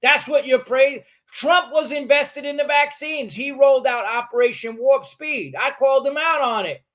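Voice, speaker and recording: Man, new york accent, older, very high voice for a man, blunt, profane, combative guest. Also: moderate pace, a bit bright. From New York City. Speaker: podcast guest. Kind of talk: casual interview chat.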